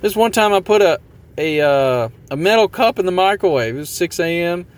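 A man's voice: sits high, animated, normal speed. Rambling motivational podcast man. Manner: rambling, self-deprecating, repeats catchphrases. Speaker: podcast host. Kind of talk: casual motivational monologue.

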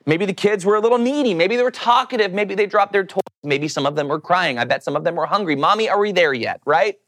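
A man's voice: high voice, fast talker. A man preaching a casual sermon, joking with his listeners, asking them questions and acting out the voices in the story. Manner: animated, joking, asks the audience questions; acts out quoted voices.

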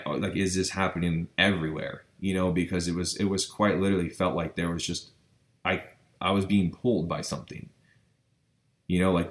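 A man earnestly retelling a personal experience, with frequent stammers and restarts, leaning on the word literally. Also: low-pitched. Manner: keeps saying literally. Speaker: vlogger. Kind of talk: personal storytelling.

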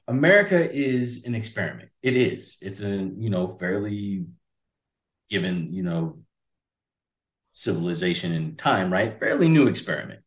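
A man in his forties, co-hosting a casual political chat, talking in an animated, rambling way. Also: lowish voice. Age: 40s. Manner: animated, rambling, acts out voices. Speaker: podcast co-host. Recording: roomy echo.

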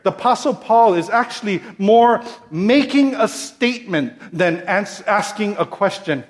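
A man preaching a sermon as pastor, repeating phrases in a steady rhythm, building to emphatic peaks and then dropping soft. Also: high-pitched. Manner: slow, deliberate delivery.

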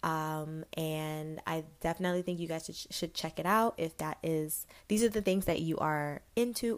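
A young woman vlogging in a chatty, enthusiastic way, full of fillers as she recommends small businesses. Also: sits low. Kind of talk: casual chat to camera.

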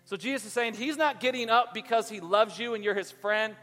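Pastor, male, high voice, lively preacher, reverb-heavy hall. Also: fairly quick. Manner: animated preacher, acts out quoted voices. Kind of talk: sermon.

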